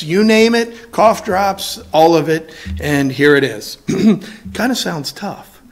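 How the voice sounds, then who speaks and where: Hoarse pastor guy preaching in a church, raspy scratchy voice, kinda high, clears his throat a lot. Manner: folksy, self-deprecating asides, occasional throat clearing. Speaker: assistant pastor. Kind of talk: evening sermon with scripture reading and prayer. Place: church sanctuary.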